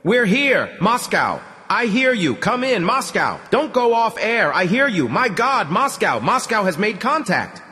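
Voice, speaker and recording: A man voicing an excited male radio operator calling out from a distant colony, shouting eagerly over the airwaves. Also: high voice, a little slow, hardly any pauses, voice pushed up, heavily acted. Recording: long reverb.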